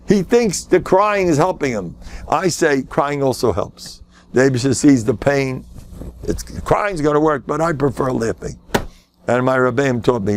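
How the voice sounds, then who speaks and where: An older rabbi delivering a Torah lecture in a storytelling way. His voice sits in an ordinary middle pitch but leaps up sharply when he stresses a point, and he slips in playful jokes. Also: gravelly. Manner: animated, jumps high in pitch for emphasis, joking asides.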